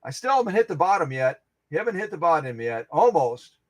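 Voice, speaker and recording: A man's voice: on the high side, very animated, a little fast, no echo. A man hosting a casual live stream, greeting viewers one by one in a rambling, upbeat way, full of repeats and filler uhs. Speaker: host of a vintage sewing machine live stream.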